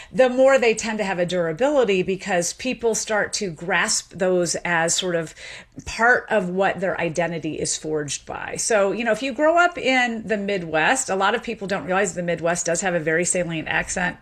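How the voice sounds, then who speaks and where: A woman's voice: mid-range voice, a bit bright. A woman from the American South, a linguist guest in a radio interview, explaining in an articulate way and laughing easily.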